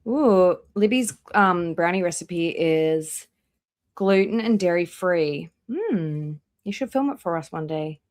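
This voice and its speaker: A woman with a somewhat low voice chats casually on a live stream. She greets viewers by name one after another, drawing out her welcomes and letting her voice trail off quieter at the ends of lines. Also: lively intonation, takes it slowly. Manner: chatty, reads out viewer names one by one. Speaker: live-stream reaction host.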